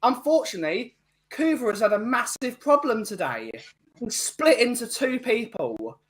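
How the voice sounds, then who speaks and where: A man's voice: extremely high pitch, sing-song, moderate pace. A man hosting a casual banter podcast, teasing and joking with his co-hosts. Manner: teasing, jokey. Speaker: podcast host.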